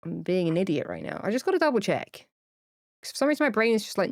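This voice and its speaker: A woman's voice: mid-range voice, huge pitch swings, fast, gravelly, dry recording, studio quality. A woman live-streaming a game, talking casually to viewers in a rambling, chatty way with lots of fillers, and gushing tearfully over cute pets. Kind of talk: casual livestream chat to viewers. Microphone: streaming mic, camera off.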